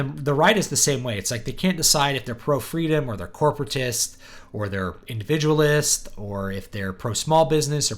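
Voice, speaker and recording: A man hosting a writing livestream, answering chat questions in a halting, thinking-aloud way with many pauses. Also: medium pitch.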